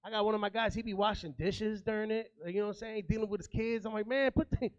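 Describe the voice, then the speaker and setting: A man's voice: high-pitched, steady tone, fast talker, smooth, no room sound, lo-fi sound. A man from New York in his thirties doing a stand-up comedy set, streetwise and chatty, working the crowd.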